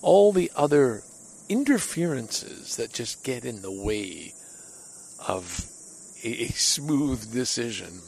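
A man speaks in a relaxed personal monologue from the deck of his home. His voice is gravelly with a noticeable fry at the bottom, and his pitch sits in an ordinary middle range. He rambles candidly and is hard on himself. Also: slow pace, a little hiss or hum, rough recording. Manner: candid, self-critical, rambling.

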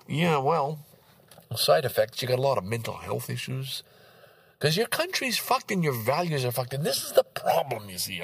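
Man in his sixties, husky, animated delivery with big pitch swings, casual ranting vlogger, dry sound. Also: moderate pace, no room sound. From Canada. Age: 60s. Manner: profane, ranting, swings between loud outbursts and low mutters. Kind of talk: casual rambling monologue. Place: outdoors in a park.

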